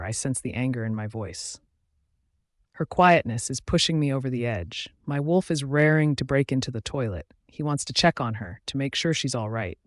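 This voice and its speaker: A man narrates a fantasy romance audiobook in the first person. His reading is expressive and dramatic, with a lively, moving pitch. The sound is dry and close. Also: moderate pace, no echo. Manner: expressive, dramatic inner monologue.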